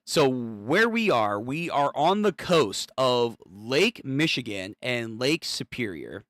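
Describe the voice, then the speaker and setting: A man's voice: medium pitch, big pitch swings, slow pace, a bit bright, no room sound, studio quality. A young man hosting a comic read-through, reacting with hyped, slangy chatter and casual swearing.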